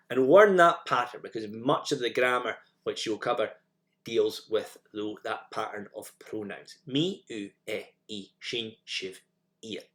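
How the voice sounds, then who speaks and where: A man's voice: lowish voice, a little slow, a bit bright. A man narrating a recorded language lesson, explaining each step and repeating example phrases for learners to copy. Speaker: teacher.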